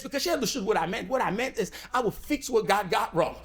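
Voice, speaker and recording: Middle-aged man with a high voice. Animated storyteller who acts out dialogue and swings from loud to hushed. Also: fast, vocal fry, few pauses. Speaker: speaker at a community event. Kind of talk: motivational storytelling speech.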